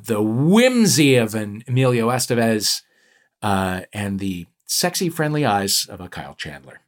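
Husky, lively-voiced comedy game host. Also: male voice, mid-range voice. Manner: playful, teasing, animated delivery. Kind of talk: comedy podcast game hosting.

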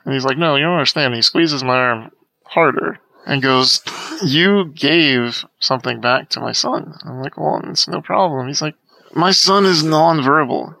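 A man telling a story as a podcast guest, lively and acting out the voices of the people in it. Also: mid-range voice, normal speed, gravelly, no echo, low-quality recording. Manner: animated storyteller acting out quoted dialogue. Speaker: guest, accessibility advocate. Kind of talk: conversational storytelling.

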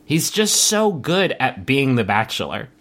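A man co-hosting a podcast, joking in casual chat and swinging into high mock voices. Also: very animated, a little slow, a bit bright. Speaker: podcast co-host.

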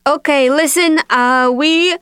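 A woman co-hosting a casual comedy podcast, teasing and playful as she makes a pledge pitch. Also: slow, a bit bright, no room sound, studio quality. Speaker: co-host.

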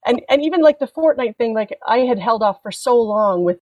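A woman in her forties, a podcast guest, talking about parenting in a wry, frank, halting casual chat. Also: fairly high pitch, expressive, a little mellow, no room sound, highs cut off.

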